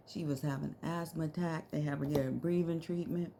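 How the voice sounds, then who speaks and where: A woman's voice: deep voice, fairly even intonation, a little fast, gravelly, noisy background. A middle-aged woman telling a story to her viewers in a casual, slangy way, laughing often.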